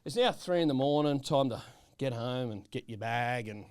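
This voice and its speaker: A man co-hosting a podcast, telling a rambling travel story in animated, casual chat and checking in with "right?". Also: medium pitch, moderate pace, smooth, dry recording, clean studio sound. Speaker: podcast co-host.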